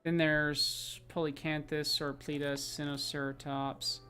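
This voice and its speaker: A man's voice: fairly high pitch, little pitch movement, unhurried, pushed and bright, soft background music. A man chatting casually to his stream audience as he plays a game, rambling with lots of fillers.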